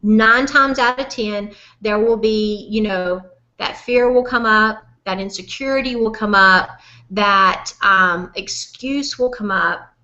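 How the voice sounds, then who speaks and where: A woman with a Southern accent coaching a webinar audience in a lively, folksy, direct way. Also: medium pitch, takes it slowly, dull audio. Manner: animated, folksy and direct, calls listener "honey". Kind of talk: motivational webinar talk.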